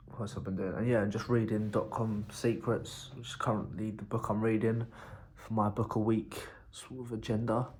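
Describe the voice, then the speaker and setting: Brief: young entrepreneur, low-ish voice, loose rambling vlog talk, blunt with casual swearing. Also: male voice. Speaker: entrepreneur vlogger.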